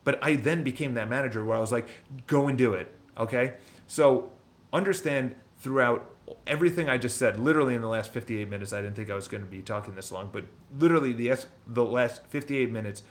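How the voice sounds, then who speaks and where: A man in his thirties talks straight to his viewers in a loose, rambling monologue of business advice. His voice sits at an ordinary middle pitch, and he keeps circling back, restarting and repeating words as he works his point out. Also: quick pace. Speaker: real estate channel host. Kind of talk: casual motivational monologue.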